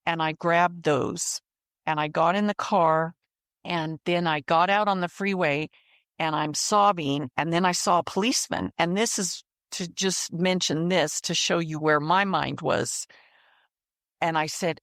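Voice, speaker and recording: A woman's voice: lowish voice, measured pace, creaky, fairly bright tone, no room sound, clean studio sound. A woman in her fifties, a guest in an interview, telling a personal story earnestly, with repeated phrases.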